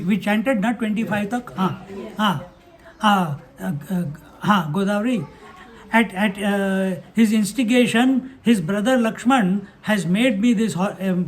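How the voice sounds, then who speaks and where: A man's voice: high-pitched, slight background noise. A man giving a spiritual discourse on scripture, acting out the dialogue with a chuckle and chanting verses. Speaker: spiritual teacher.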